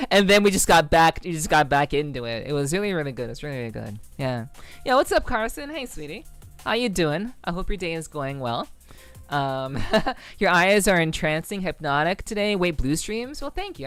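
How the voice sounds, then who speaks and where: Relaxed, smooth-voiced woman streamer. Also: deep voice. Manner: relaxed, rambling, frequent ums and soft laughs. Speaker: VTuber streamer. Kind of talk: casual livestream chat with viewers.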